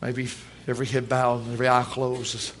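A man's voice: mid-range voice, completely flat delivery, fairly quick, a bit bright, a little hiss or hum. A man preaching a sermon at a church service, folksy and emphatic, in plain everyday speech.

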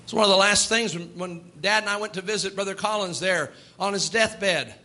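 Male preacher, middle-aged, very high voice, sharp bright tone, emphatic rising and falling delivery. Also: moderate pace, slight background noise. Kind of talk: sermon.

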